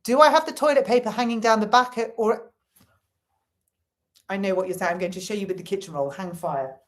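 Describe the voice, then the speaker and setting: A woman's voice: mid-range voice, fairly quick. Woman, middle-aged, chatty live stream host, casual swearing. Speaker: livestream host. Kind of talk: casual live chat reading comments.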